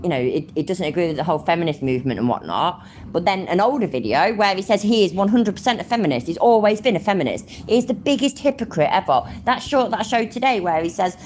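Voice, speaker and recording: Lady ranting at home, lots of swearing, swoopy pitch, bit of hum behind. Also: lively intonation, fast talker, a little mellow. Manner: sarcastic, swears freely, laughs easily. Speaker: commentary channel host. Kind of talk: casual sarcastic commentary.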